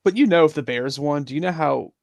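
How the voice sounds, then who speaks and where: A man's voice: a little high, brisk, creaky, a little mellow, no echo, studio quality. A man co-hosting a casual sports chat, joking and swearing. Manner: laughs often, joking and profane. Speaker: podcast co-host.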